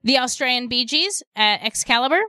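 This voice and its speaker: A woman hosting a radio shopping show, pitching deals and taking calls in upbeat, repetitive sales patter. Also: lively intonation, fairly quick, bright, forceful tone, smooth, no echo.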